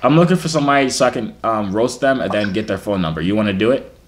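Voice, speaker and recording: A man's voice: lowish voice, quick pace. A man in his twenties making teasing, slangy small talk with strangers on a video chat app. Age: 20s. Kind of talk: casual flirty banter. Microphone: computer or phone mic, video call.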